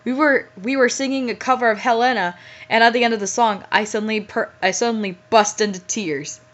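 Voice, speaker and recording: A woman's voice: fairly high pitch, steady tone, fairly quick, fairly bright tone. A young woman reading a badly written story aloud with incredulous, giggly, exasperated commentary. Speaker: host, fanfiction reader. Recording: muffled lo-fi audio.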